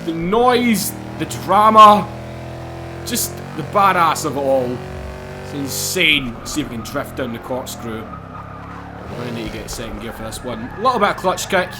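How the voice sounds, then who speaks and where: A man giving excitable, laughing gameplay commentary as he drives in a racing game. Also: mid-range voice, moderate pace, music in the background. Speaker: gaming YouTuber.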